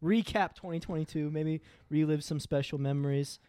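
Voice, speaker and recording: A young man hosting a casual online podcast, loud, profane and teasing, laughing a lot. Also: fairly high pitch, normal speed, smooth, no room sound. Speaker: podcast host. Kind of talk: casual crude podcast banter.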